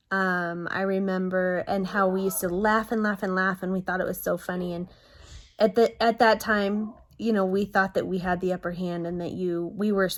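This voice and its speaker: A woman in her thirties recording a heartfelt birthday message for her grandfather, halting, with many pauses and restarts. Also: fairly low pitch.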